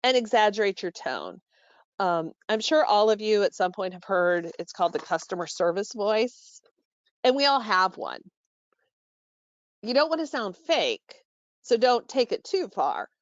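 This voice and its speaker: A woman walks staff through a training call in an instructive way, stopping often to correct herself. Her voice sits in a middle pitch. The audio is dull and dry, like a web-call microphone. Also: sing-song, a little slow, no room sound. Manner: instructive, with frequent fillers and self-corrections.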